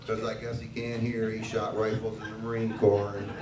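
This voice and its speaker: A man's voice: lowish voice, monotone, moderate pace, crowd noise. An older man doing a crude, profane stand-up set, acting out the dialogue in his stories. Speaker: stand-up comedian. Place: comedy bar stage. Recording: echoey bar recorded from a distance, noisy.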